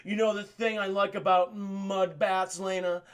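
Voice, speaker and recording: A man's voice: high voice, level tone, unhurried, clean tone. A man putting on the voice of a sly, sinister villain king as he retells a film scene, drawling and mock-menacing. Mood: oily, scheming.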